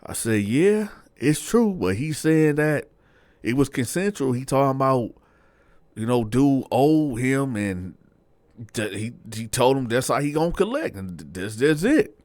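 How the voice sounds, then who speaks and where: A man telling a personal story in a relaxed, slangy, conversational way, close to the mic. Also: medium pitch, a little slow, dry recording. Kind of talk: casual storytelling.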